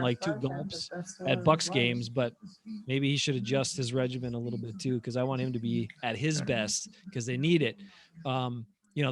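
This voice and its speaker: A man's voice: medium pitch, fairly bright tone. A man co-hosting a casual sports chat show, opinionated and rambling with fillers. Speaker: podcast co-host.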